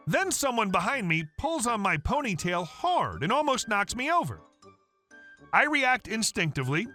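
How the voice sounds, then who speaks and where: A man reading a story aloud in an even storytelling manner, as the regular narrator of a story channel. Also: sits high. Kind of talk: scripted narration.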